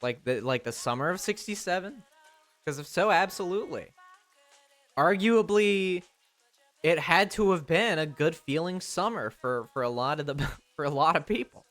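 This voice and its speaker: A man streaming live and chatting casually with his audience. He rambles, jokes and restarts his sentences, speaking a little higher than most men. Faint music plays behind him. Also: lively intonation, moderate pace, fairly bright tone. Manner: rambling, joking, many fillers and restarts.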